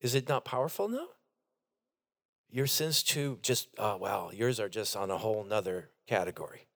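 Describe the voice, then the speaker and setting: A man's voice: fairly low pitch, expressive, moderate pace, a bit bright. A middle-aged man preaching a sermon to his congregation in a church, earnest and direct. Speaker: pastor. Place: church sanctuary.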